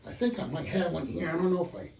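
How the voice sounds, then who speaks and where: Working on model train benchwork, an older man breathlessly mutters curses to himself in casual talk. He speaks fast in a somewhat high, animated, creaky voice with a darkish tone. The mic sits far off in an echoey room, with a little hiss or hum.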